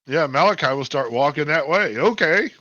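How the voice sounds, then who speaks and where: A man's voice: a little high, animated, moderate pace, sharp tone, lo-fi sound, a little hiss or hum. A man playing in a tabletop game, chatting casually, swearing freely and restarting his sentences. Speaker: player.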